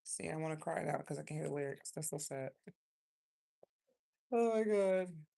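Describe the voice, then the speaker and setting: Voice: mid-range voice, flat delivery, fast, creaky, a little mellow, husky. A tarot reader from South Carolina, giving a rambling, emotional, chatty card reading in a casual livestream.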